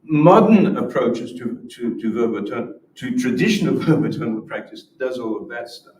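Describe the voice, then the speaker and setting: Man presenter at a symposium, mid-pitched, explaining step by step, caught from a distance in a roomy hall. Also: lively intonation, moderate pace, a little mellow, a little hiss or hum. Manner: explanatory, repeats words when restarting. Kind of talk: academic lecture with demonstrations. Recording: roomy echo from far off.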